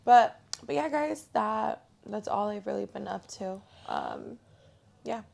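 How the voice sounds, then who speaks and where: A woman's voice: mid-range voice, huge pitch swings, slow pace, creaky, darkish tone. A woman co-hosting a podcast, chatting casually and upbeat, a little congested, laughing easily between fillers. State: slightly congested. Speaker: podcast co-host. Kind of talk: casual chat.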